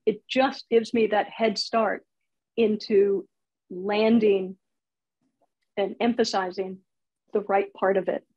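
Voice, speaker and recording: Chatty husky woman teaching comedy. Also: medium pitch, steady tone, takes it slowly, pauses often, darkish tone, dull audio. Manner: chatty, laughs at her own examples. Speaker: comedy writing instructor. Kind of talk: casual online workshop talk.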